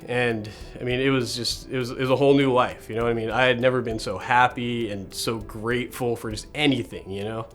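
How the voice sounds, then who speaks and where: A man's voice: medium pitch, steady tone, fairly quick, hardly any pauses, a bit bright, soft background music. Reflective man telling his story. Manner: reflective, conversational. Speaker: patient. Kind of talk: documentary interview.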